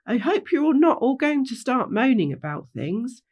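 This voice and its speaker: A woman reads as a bossy boy hedgehog, leading the gang. He talks impatiently in a lively, raised voice. A storybook role. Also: sits high, moderate pace, voice pushed up. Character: bossy boy hedgehog leader, older brother.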